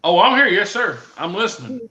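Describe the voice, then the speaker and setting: A man's voice: high voice, big pitch swings, brisk, sharp tone. A man hosting a casual chat, giving short listening replies. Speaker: show host. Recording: dull, lo-fi.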